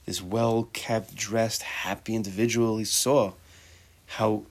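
A man's voice: fairly low pitch, flat delivery, takes it slowly. A man teaching a Torah class, talking casually, mixing Hebrew terms into his English and tossing out rhetorical questions and joking asides to his students.

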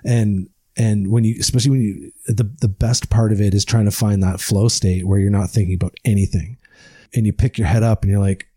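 A man's voice: lowish voice, steady tone, a little fast, dark tone, breathy edge, dry recording. A man chatting casually over a video call about endurance cycling, rambling and stammering, often laughing. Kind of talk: casual chat.

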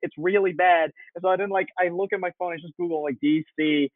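A man's voice: high voice, fairly even intonation, fast, no echo. A young man chatting casually, a laid-back storyteller who acts out what people said. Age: young adult. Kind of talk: casual chat. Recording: tinny phone-like call audio.

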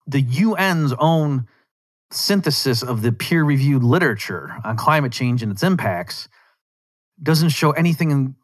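A man hosting a podcast, talking through a long, sarcastic, rambling rant and often interrupting himself. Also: on the low side. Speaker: podcast host. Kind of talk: casual monologue rant.

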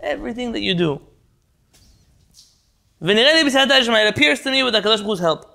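With a very high, gravelly voice, sharp in tone and lively in intonation, a Torah teacher races through a Talmud class over video call. He translates Hebrew terms, quizzes the class and jumps between points.

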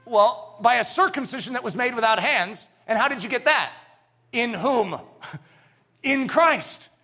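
A man preaching a sermon, telling stories and acting out little scenes, swinging between loud emphatic bursts and hushed lines. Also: extremely high pitch, unhurried, faint music behind.

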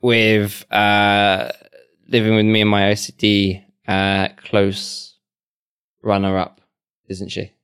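A man's voice: on the low side, completely flat delivery, slow, a bit bright, clean tone. Dry, teasing man. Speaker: podcast co-host. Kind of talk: casual chat.

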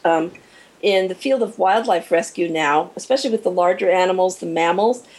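Husky, animated woman explaining. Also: medium pitch, poor audio. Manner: animated, acts out little scenes with quoted inner voices. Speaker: guest expert on shock and recovery. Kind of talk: explanatory interview talk.

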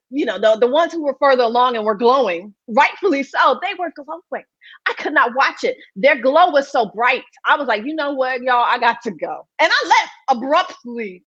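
A woman telling a candid personal story as a podcast guest, animated and often laughing. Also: muffled recording. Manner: animated and laughing, voice jumps high.

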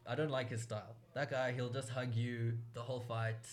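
A young man in easy, loose podcast banter, with a middle-pitched voice and plenty of hesitant fillers. He laughs often and keeps things relaxed. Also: moderate pace. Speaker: podcast co-host. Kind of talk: casual chat.

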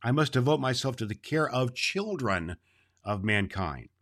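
A man's voice: mid-range voice, expressive, a little slow, a bit bright, voice pushed up. A man voicing an earnest young man who solemnly takes leave of his forest home. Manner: solemn, formal speech.

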